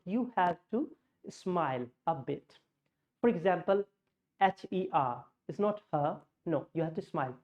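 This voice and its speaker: A woman teaching pronunciation, slowly modeling vowel sounds against each other. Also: on the low side. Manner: slow, explanatory, models sounds in contrast. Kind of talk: pronunciation lesson with slides. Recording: muffled lo-fi audio.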